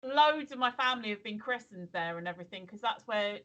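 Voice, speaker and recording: A woman's voice: medium pitch, lively intonation, fairly quick, sharp tone, poor audio. A woman, co-hosting a casual livestream chat and telling rambling stories full of ums and restarts. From England. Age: 50s. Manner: chatty storyteller, lots of ums and restarts. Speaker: co-host. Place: home, streaming.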